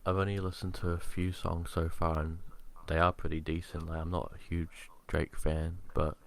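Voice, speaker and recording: A young man chats casually on a podcast, his voice very low and level. He rambles along with plenty of fillers and easygoing slang. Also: little pitch movement, moderate pace, creaky. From New Zealand. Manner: rambling, filler-heavy, laid-back slang. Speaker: podcast co-host. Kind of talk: casual chat.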